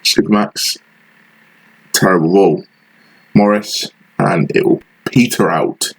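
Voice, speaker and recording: Slow, husky man commentating a game. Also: deep voice, steady tone, rough recording. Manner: frustrated, sarcastic play-by-play. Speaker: gaming channel host. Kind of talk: live commentary over a football management game.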